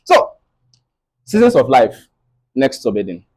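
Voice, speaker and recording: A man's voice: mid-range voice, wildly swooping pitch, unhurried, darkish tone, slightly rough, poor audio. A young Nigerian man with a Nigerian English accent, giving a faith-based motivational talk to a live audience in a preacherly way and often checking in with "right?". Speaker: motivational speaker.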